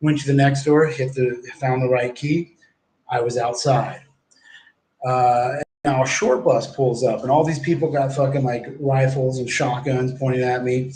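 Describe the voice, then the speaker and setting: A man's voice: mid-range voice, fairly even intonation, a little slow, a little mellow, a little hiss or hum. A man livestreaming, telling a long rambling story full of swearing and acted-out exchanges. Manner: rambling, profane, acts out quoted exchanges. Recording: echoey room.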